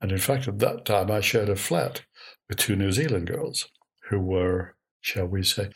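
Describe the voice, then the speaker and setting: An older man spins wry, knowing anecdotes from his younger years. His voice is fairly low and husky, with a slightly rough grain. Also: lively intonation, a little slow. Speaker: interviewee. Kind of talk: oral history recollection.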